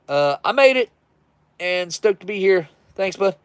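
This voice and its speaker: A man's voice: high-pitched, lively intonation, a little slow, clean tone, no echo. Folksy self-described redneck man. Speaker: livestream host reviewing military rations. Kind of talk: casual livestream chat.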